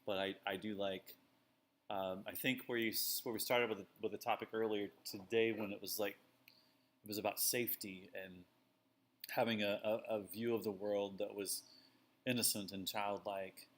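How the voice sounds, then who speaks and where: A man's voice: on the low side, steady tone, moderate pace. A man co-hosting a casual talk show, rambling and self-deprecating with lots of fillers. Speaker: podcast co-host. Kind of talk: casual chat.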